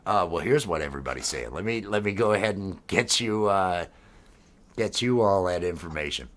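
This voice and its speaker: A man's voice: low voice, expressive, normal speed, fairly bright tone. A middle-aged man talking in a casual, blunt, easygoing way. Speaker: podcast co-host. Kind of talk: casual chat.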